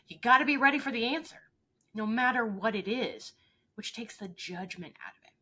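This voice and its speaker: A woman's voice: fairly high pitch, animated, fairly quick, pushed and bright, husky. A woman leadership coach speaking earnestly and with emphasis in an interview, often acting out short exchanges. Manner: earnest, emphatic, acts out little dialogues. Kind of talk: interview conversation.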